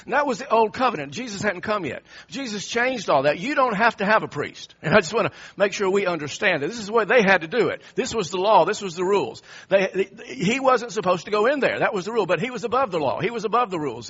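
Man preaching a sermon, swings up and down a lot, bright tone, restarts phrases, dull lo-fi sound. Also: high voice, expressive, quick pace, husky. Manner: emphatic, repeats and restarts phrases, chuckles.

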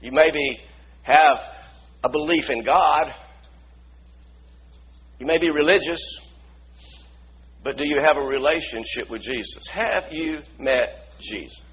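A male pastor preaching a sermon, building from quiet storytelling to shouted praise. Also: a little high, slow, long pauses, dull audio, a little hiss or hum.

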